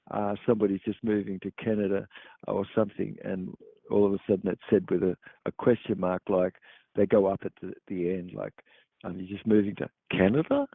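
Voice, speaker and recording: A man hosting a show, explaining at length in a halting, rambling way with many fillers. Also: on the low side, vocal fry, no echo. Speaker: podcast host. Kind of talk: meandering explanatory monologue. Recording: dry tinny phone-like sound.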